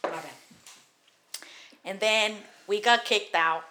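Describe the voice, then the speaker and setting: Bright, fiery-voiced woman in her thirties. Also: mid-range voice, takes it slowly. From Los Angeles. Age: 30s. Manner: profane, heated storytelling. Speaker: podcast host. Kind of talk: casual podcast chat.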